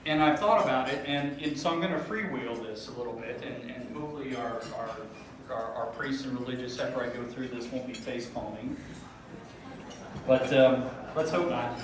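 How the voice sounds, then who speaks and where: A man's voice: medium pitch, normal speed, a crowd in the background. Man giving a gala speech in an echoey hall. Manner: casual, with frequent ums and self-deprecating jokes. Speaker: school founding board member. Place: large banquet hall at a dinner gala. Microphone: podium microphone heard from a distance. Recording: very echoey hall, far from the mic, dishes clinking. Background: clatter of cutlery and dishes.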